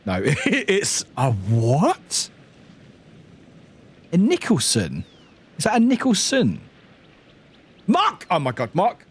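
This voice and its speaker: Animated, laughing British streamer man. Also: on the high side, takes it slowly, long pauses, husky. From United Kingdom. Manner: animated, laughing, swearing, chatty. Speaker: game streamer. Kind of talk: casual gameplay commentary.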